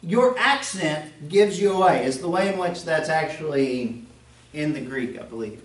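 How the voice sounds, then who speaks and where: A man's voice: a little high, animated, normal speed, echoey room, far from the mic. A man with a faint Southern American accent, preaching a sermon as pastor in a conversational way, with joking asides and acted-out quotes. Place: church sanctuary.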